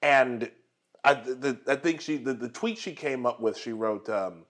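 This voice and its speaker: Guy hosting a dinner chat at home, mid pitch, keeps restarting sentences, laughs a lot. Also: expressive, a little slow, fairly bright tone. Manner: rambling with many restarts and fillers, laughs often. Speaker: host. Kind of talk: casual political chat over dinner.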